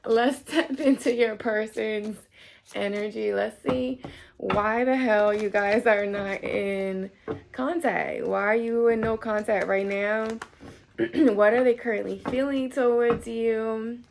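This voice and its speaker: A woman's voice: fairly high pitch, fairly even intonation, slow, creaky, background noise. A woman in her thirties giving a casual tarot reading to camera, chatty, full of fillers, and swearing now and then. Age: 30s. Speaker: tarot reader.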